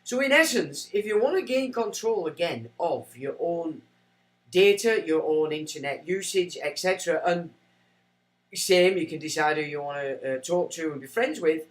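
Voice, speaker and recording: A man's voice: fairly high pitch, lively intonation, moderate pace, poor audio. A man hosting a livestream, rambling and self-mocking as he chats to viewers. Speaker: livestream host. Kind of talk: casual livestream chat.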